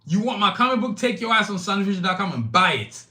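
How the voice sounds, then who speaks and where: This Nigerian man's high, sing-song voice comes fast and sharp as he hosts his live-streamed podcast. He addresses his chat head-on, forceful and blunt, swearing often.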